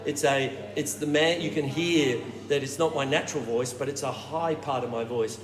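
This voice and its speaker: A man leading a choir warm-up workshop, explaining technique and showing it with hums and falsetto sounds. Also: steady tone, normal speed, crowd noise. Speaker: choir director. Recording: roomy hall with reverb and noise.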